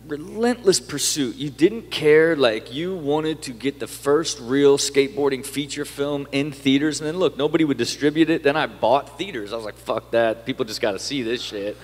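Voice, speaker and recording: A man tells his story in a loose, animated way, swearing often and tripping over his own restarts. His pitch sits in the middle for a man. A long reverb hangs on his voice. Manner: animated, swears a lot, many fillers and restarts. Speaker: podcast guest. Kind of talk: casual interview storytelling.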